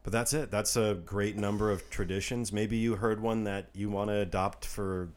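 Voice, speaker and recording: A man's voice: on the low side, steady tone, normal speed. A man co-hosting a casual chat show, playfully reading out listener submissions. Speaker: co-host.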